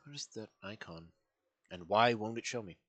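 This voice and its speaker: Rambling excitable male streamer. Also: lowish voice, moderate pace. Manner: rambling and excitable, many fillers and restarts. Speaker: streamer reacting to videos. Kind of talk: casual reaction commentary.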